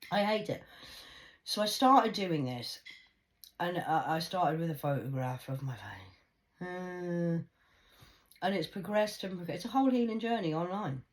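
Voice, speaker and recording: A woman speaking intensely and emphatically to her viewers, swinging between loud outbursts and hushed asides. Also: fairly low pitch, expressive, unhurried, pauses often, rough recording. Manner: confiding, addresses viewers directly. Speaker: vlogger. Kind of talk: emotional personal monologue to camera.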